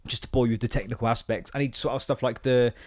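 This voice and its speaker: A man's voice: mid-range voice, fairly even intonation, very fast. A man with an English accent hosting a casual podcast monologue, rambling, sweary and self-deprecating. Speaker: podcast host.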